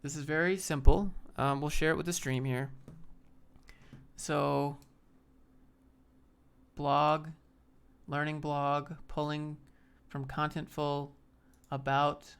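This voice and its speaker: A streamer with a slightly high, level, fairly bright and clean voice answers viewer chat on a live stream. He speaks slowly with long pauses, casually reading messages and offering laid-back, rambling career advice.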